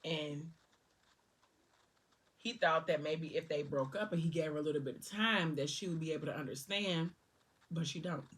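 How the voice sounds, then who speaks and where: A woman's voice: low voice, moderate pace, pauses often, breathy edge, far from the mic. A woman casually recapping a novel's scenes while eating, slipping into the characters' lines with "he was like" and "she was like". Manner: retells scenes loosely, quoting characters with "he was like". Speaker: book vlogger.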